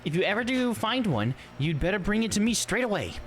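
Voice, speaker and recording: A man's voice: sits high, big pitch swings, a little fast, a bit bright, soft background music, voice pushed up, exaggerated voice. A man voicing a sardonic young female forensic scientist, dry and teasing as he reads game dialogue. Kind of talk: reading game dialogue on a livestream.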